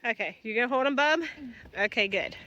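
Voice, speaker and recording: Working outdoors in a pasture, a young farm vlogger chats fairly quickly in a high-leaning voice and sings out calls to her cattle. The recording is very noisy, with the highs cut off.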